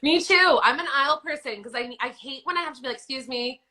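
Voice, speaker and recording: A woman with a Canadian accent hosting a casual live chat, upbeat and firing off quick questions. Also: high voice, pushed and bright. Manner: upbeat, quick-fire questions, friendly laughter. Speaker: host asking quick questions. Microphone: phone live stream.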